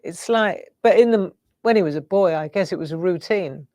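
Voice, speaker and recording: A woman's voice: fairly low pitch, normal speed, warm tone, no room sound, clean studio sound. A middle-aged woman, hosting a live craft show and musing in a rambling, reflective way while tearful. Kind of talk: casual live-stream chat.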